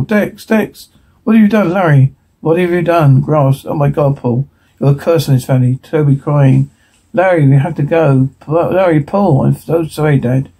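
A man reading a television episode transcript aloud, dialogue and sound cues alike, in one steady voice. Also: fairly high pitch, vocal fry, breathy edge, rough recording.

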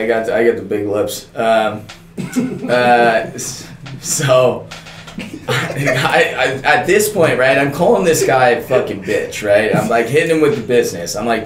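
A man's voice: medium pitch, roomy sound, slight background noise. A young man, a podcast guest, telling a long story in a casual, profane, laid-back way and laughing often.

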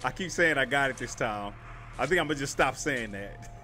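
A young adult man casually commenting on his own gameplay, slangy and animated, jumping from loud outbursts to hushed muttering and repeating short phrases under stress. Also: mid-range voice, normal speed, faint music behind. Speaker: gaming channel host.

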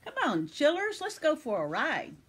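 A woman voicing a cheerful, adventurous grandfather in a picture book, calling out briskly and with excitement. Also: high-pitched, voice pushed up. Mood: playful.

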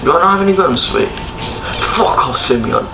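A young gaming YouTuber with a slightly high, animated voice and some vocal fry talks at a normal pace, chatty and slangy, as he plays on camera and walks through a game tutorial. Music plays in the background of an echoey room with background noise.

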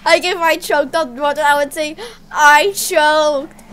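A woman's voice: sits high, fairly even intonation, a little fast, fairly bright tone. A woman co-hosting a casual gameplay chat, playful and repeating herself. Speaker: gaming channel co-host.

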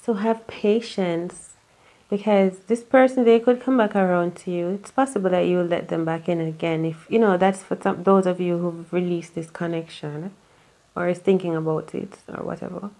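Mellow-voiced chatty woman reading tarot. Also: on the low side, fairly even intonation, normal speed. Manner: rambling, chatty, with many fillers and asides. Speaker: tarot reader.

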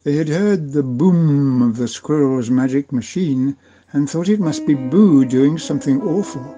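An older man, a grandfather, reading a homemade storybook aloud gently and without hurry. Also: a little high, measured pace, soft background music.

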